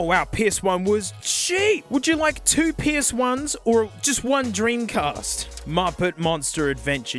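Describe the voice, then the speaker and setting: A young Australian man hosting his channel, giving excitable, jokey nostalgic commentary and laughing often. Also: high voice. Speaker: YouTube host.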